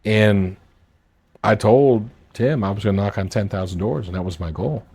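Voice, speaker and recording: Deep husky guy rambling through a story, keeps doing everyone's lines. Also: normal speed, a little mellow. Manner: rambling, acts out quoted dialogue. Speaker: political candidate and marina owner. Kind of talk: casual storytelling. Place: at a marina boat club.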